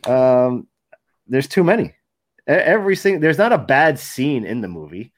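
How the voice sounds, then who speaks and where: A man's voice: mid-range voice, very animated, moderate pace. Male podcast co-host, mid-range voice, loose rambling delivery with frequent laughs. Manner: laughing, rambling, quotes movie lines. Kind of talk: casual chat.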